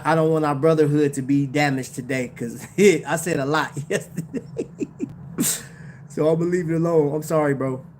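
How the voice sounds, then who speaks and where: Slangy high-voiced man chatting casually. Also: darkish tone, slight background noise. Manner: slangy, laid-back, laughs often, talks to chat. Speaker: watch channel host. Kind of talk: casual livestream chat.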